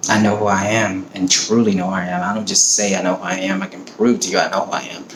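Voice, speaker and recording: A man's voice: low voice, level tone, quick pace. A middle-aged man from the American South talking in a blunt, profane, fired-up casual monologue. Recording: roomy echo, faint background noise.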